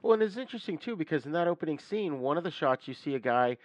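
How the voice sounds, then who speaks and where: A man's voice: on the high side, lively intonation, fast talker, no echo. A man co-hosting a podcast, talking casually about films and listing titles, with some filler words. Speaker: podcast co-host. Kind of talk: casual film discussion.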